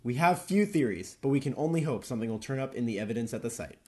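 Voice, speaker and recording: A young man narrating a police evidence transcript in a deliberate, formal reading. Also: medium pitch, expressive, a little mellow, natural voice. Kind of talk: read-aloud case transcript narration.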